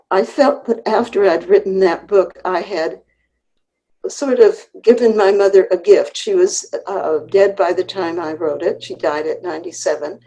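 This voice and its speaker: A woman in her eighties from Connecticut, an author recalling her family's story in an unhurried, earnest way over a video call, with pauses and restarts. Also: fairly low pitch, warm tone, rough recording. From Connecticut, USA. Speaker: author, interview guest. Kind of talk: reminiscing conversational storytelling.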